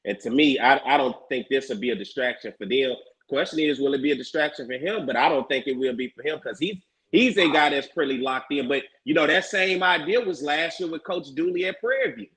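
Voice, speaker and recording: A man on a sports talk show, analyzing a football game in a measured way and asking rhetorical questions. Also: mid-range voice, a bit bright, low-quality recording. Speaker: show panelist.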